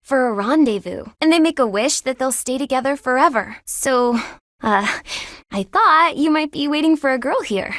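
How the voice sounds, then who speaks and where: A woman voicing an earnest, hardworking young student in a video game, eager to please and quick to giggle. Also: high voice, lively intonation, fairly bright tone, no room sound, studio quality. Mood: bashful.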